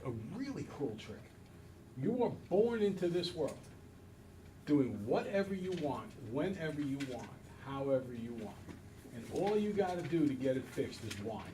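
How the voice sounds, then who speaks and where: A man's voice: mid-range voice, recorded from a distance, slight background noise, rough recording. A man teaching a math class, talking to students and acting out little scenes as he goes. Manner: animated storyteller, acts out voices. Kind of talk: classroom lecture.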